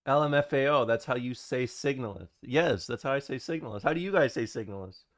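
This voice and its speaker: A man's voice: mid-range voice, brisk. Young male streamer, loose rambling banter with chat, mid-range voice. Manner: rambling, jokey, talks to chat. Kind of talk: casual stream chatter.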